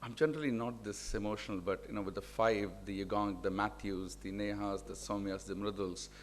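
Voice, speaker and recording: A man, a finance professor giving an emotional thank-you speech, halting and repeating words. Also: lowish voice, steady tone, background noise. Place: large auditorium hall. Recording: reverberant hall.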